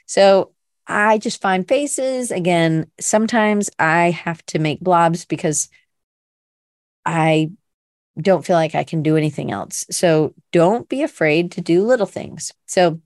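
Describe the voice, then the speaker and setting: A woman's voice: lowish voice, slow, a little mellow, no echo, clean studio sound. A middle-aged woman from Canada hosting a casual online art class, chatty and rambling, full of fillers and restarts. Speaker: art workshop host.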